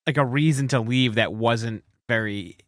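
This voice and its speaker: A man's voice: mid-range voice, moderate pace, no echo, studio quality. A man on a casual podcast, telling funny stories at his own expense. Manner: storytelling, self-mocking. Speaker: podcast co-host. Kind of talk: casual chat.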